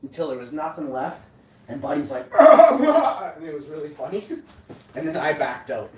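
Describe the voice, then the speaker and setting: A man's voice: on the high side, big pitch swings, moderate pace, vocal fry. A man hosting his own vlog, rambling boastfully in slang with frequent self-corrections. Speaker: vlogger, channel host. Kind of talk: casual rambling monologue. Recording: echoey room, distant mic, faint noise.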